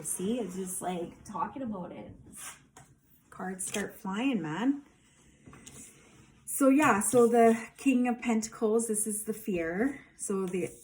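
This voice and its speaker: A woman's voice: mid-range voice, darkish tone. A woman giving a casual tarot reading, emphatic and rambling, with lots of fillers. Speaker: tarot reader.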